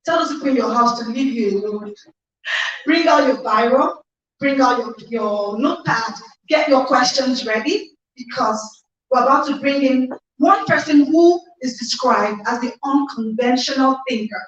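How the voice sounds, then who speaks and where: A Nigerian woman hosts a motivational online conference with a high, bright voice, exuberant and emphatic as she repeats her phrases. Her sound is echoey and set back from the mic. The audio is dull and lo-fi. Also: normal speed. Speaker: host of an online conference livestream. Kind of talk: energetic motivational hosting. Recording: echoey distant lo-fi livestream audio.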